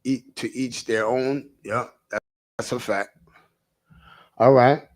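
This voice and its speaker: A man's voice: medium pitch, fairly even intonation, takes it slowly, darkish tone. A man hosting a livestream, rambling in a casual rant, stammering and restarting as he answers chat comments. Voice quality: gravelly. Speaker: livestream host.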